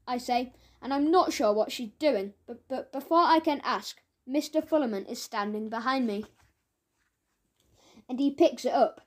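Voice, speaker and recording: Lively high-voiced woman reading a children's book. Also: normal speed. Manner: lively first-person storytelling as a cheeky schoolboy. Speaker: audiobook narrator.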